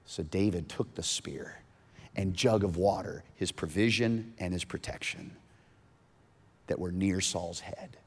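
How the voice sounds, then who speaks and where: A man's voice: sits low, a little slow, breathy edge, in a large hall. A man preaching a sermon, retelling a story casually and animatedly, with modern asides. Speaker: pastor.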